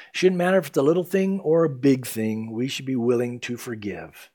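A man preaching a sermon as pastor, earnest, swinging between loud emphasis and hushed, soft passages. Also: medium pitch, lively intonation, normal speed, few pauses.

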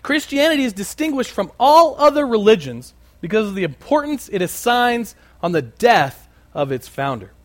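A man preaching a sermon and telling a story, animated and conversational with many asides. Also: high voice, moderate pace. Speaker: pastor.

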